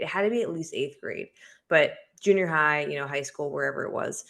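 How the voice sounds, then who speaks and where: A woman with a low voice co-hosts a relaxed health podcast. She chats loosely, with many ums and likes. She laughs easily. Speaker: podcast co-host, women's health and fitness coach. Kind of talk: casual podcast chat.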